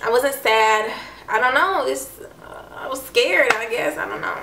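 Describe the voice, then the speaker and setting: A young adult woman vlogger chats to camera about something personal, her casual talk full of "like" and "I don't know." She has a high voice and a measured pace. She's far from the mic in an echoey room, slightly off-mic, with a noisy background.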